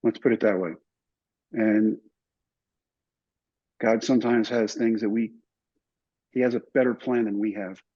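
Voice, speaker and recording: An older man telling stories in an interview, animated and acting out other people's lines. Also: on the low side, a little slow, pauses often. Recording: somewhat dull, muffled recording.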